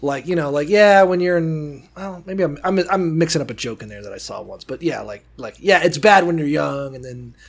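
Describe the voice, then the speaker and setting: Male co-host, high, husky, gravelly voice, profane rambling storyteller. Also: lively intonation, fairly quick, hardly any pauses. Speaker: podcast co-host. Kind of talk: casual comedic chat.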